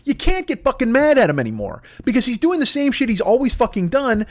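A man hosting a comedy podcast, ranting in a profane, rambling, excitable way with lots of restarts. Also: extremely high pitch, fast talker. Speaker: podcast host. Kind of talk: comedic rant.

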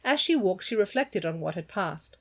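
Expressive woman reading a novel aloud. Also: mid-range voice, moderate pace. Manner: expressive, voices the characters. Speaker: reader of a novel.

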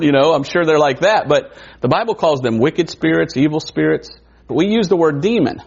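A man preaching a sermon in a conversational way, wondering aloud and adding quick asides. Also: fairly high pitch, expressive, vocal fry, breathy edge. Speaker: pastor. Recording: dull lo-fi recording.

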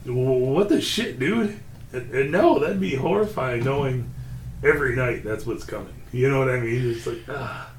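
A man's voice: medium pitch, moderate pace. Stammering man in an echoey room. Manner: stammering, swears in reaction. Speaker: podcast co-host. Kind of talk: casual chat. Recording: roomy echo, faint hiss.

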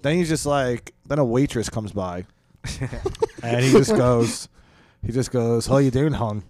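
A man's voice: medium pitch, expressive, slow pace, background noise. A man co-hosting a podcast, telling stories and mimicking the people in them. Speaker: podcast co-host, comedian. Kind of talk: casual storytelling chat.

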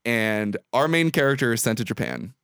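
A man's voice: medium pitch, expressive, moderate pace, a bit bright, smooth, no room sound, studio quality. A man co-hosting a podcast, casually recapping a movie, rambling and laughing often. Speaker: podcast co-host.

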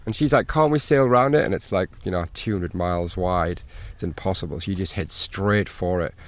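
Low-voiced sailboat captain telling stories. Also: male voice, brisk. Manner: animated anecdotes, acts out quoted exchanges. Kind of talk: casual storytelling interview. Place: outdoors by an anchored sailboat.

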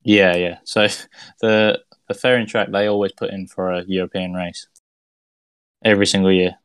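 Deep, flat-voiced man, guest. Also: moderate pace, clean tone, no echo. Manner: loose, rambling explanations. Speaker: guest racer. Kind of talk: casual chat.

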